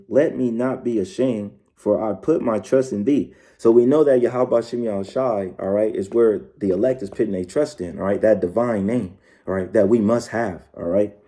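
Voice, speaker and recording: A man's voice: fairly low pitch, mellow. A man teaching scripture in a loose, casual way, ending his phrases with "all right" and "man", with many fillers and restarts. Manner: reads verses slowly. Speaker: preacher.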